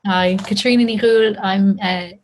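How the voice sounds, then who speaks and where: A woman's voice: mid-range voice, fairly even intonation, normal speed, darkish tone. A woman university lecturer introducing herself in an online seminar over a video call, thoughtful and slightly hesitant.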